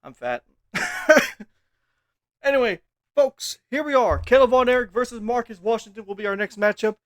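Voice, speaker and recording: A man's voice: very high-pitched, expressive, moderate pace, no echo, clean studio sound. A man commenting on wrestling matches while out of breath, chatting casually with self-mocking asides. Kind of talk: casual game-league commentary. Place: indoors at a desk chair.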